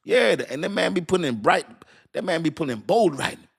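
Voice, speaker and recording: A man's voice: a little high, animated, fast talker, creaky, husky. A man hosting a casual crypto live stream, talking loosely and repeating himself as he reads aloud and answers his chat, often laughing. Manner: laughs often and thinks aloud while reading. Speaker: crypto livestream host.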